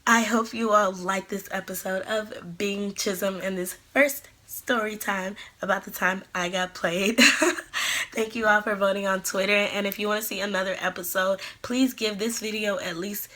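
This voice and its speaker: Animated young woman telling a story. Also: mid-range voice, moderate pace. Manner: animated storyteller acting out quotes. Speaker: vlogger. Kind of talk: storytime vlog.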